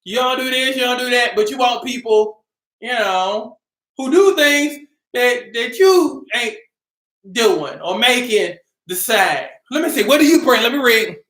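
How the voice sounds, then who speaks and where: A woman hosting a casual live stream, upbeat and greeting her viewers by name, sometimes calling out loudly. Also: on the high side, lively intonation, measured pace. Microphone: camera mic. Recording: roomy echo.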